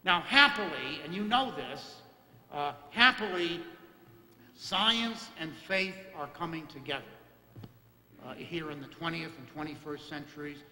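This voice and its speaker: A man giving a homily in a folksy, halting way, with many fillers and restarts. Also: on the high side, bright, forceful tone. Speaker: priest. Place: church. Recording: echoey church with long reverb.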